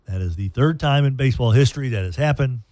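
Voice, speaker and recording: A man's voice: medium pitch, lively intonation, fast talker, darkish tone, no echo, studio quality. A man hosting a sports radio show in casual, rambling, self-deprecating chat.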